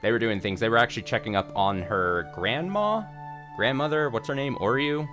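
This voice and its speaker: A man's voice: medium pitch, moderate pace, over music. A man streaming a visual novel, recapping the story in a casual, rambling way with restarts and the odd swear. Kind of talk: casual let's-play commentary.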